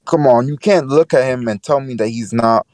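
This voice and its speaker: A man's voice: medium pitch, moderate pace, a little mellow, dry recording, poor audio. A man in casual podcast chat, slangy and insistent, repeating himself to get a point in.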